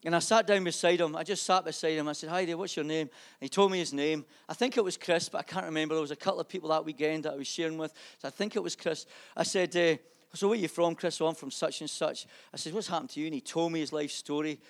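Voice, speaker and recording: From a church pulpit, a man preaches and shares his personal testimony, shifting between loud fervour and quiet, intimate moments. His voice sits a little high with a gravelly edge, fairly even in intonation. He talks fast.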